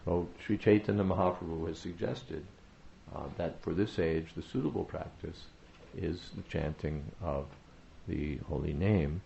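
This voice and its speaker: A man with a very low, gravelly voice gives a devotional talk, measured and full of "uh" pauses and repeated phrases for emphasis. The recording sounds a little dull, with faint hiss behind him. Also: dark tone. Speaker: spiritual teacher.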